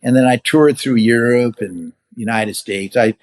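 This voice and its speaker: Older man telling lively stories. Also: medium pitch, a little slow. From California. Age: 70s. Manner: animated storyteller who acts out quoted voices. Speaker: guest, veteran hang glider pilot. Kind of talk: casual storytelling in an interview.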